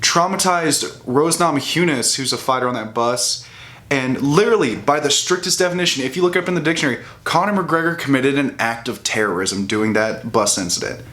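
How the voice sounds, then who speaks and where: A young man rants straight to camera in a heated, profane way. His voice sits at an ordinary middle pitch, and he stumbles and restarts as he builds his case. He speaks like a casual vlogger, mocking the people he disagrees with. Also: animated, fairly quick, bright, forceful tone. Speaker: bodybuilding vlogger. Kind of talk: ranting casual commentary.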